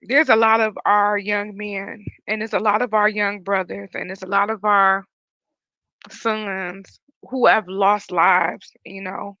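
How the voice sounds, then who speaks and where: A bright, forceful woman host sounds close to tears, earnest and halting as she speaks. The sound is dull and lo-fi with no room echo at all. She is hosting a live podcast stream. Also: medium pitch, little pitch movement. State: emotional, near tears. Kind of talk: podcast talk.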